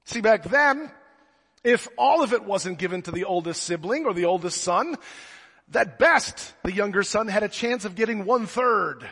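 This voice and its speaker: Male preacher, high and expressive, joking storyteller; long reverb from the church. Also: moderate pace, husky. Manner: animated storyteller who jokes. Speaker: pastor. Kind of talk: sermon.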